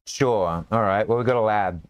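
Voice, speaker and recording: A man's voice: fairly low pitch, moderate pace, clear, resonant tone, dry recording. A man running a tabletop game as game master, in a rambling, casual way full of fillers and restarts.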